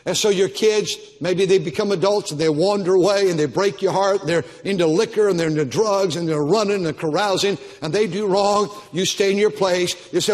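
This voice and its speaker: Older man, pastor, Baptist sermon, emphatic and repetitive, high voice, long church reverb. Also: a little fast, few pauses. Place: church auditorium.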